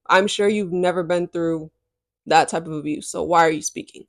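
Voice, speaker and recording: A woman's voice: fairly low pitch, steady tone, a little slow, no echo, studio quality. A young woman hosting a podcast, telling a personal story in a casual, emphatic way full of "like" and "um". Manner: casual and emphatic, heavy use of "like" and "um". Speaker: podcast host.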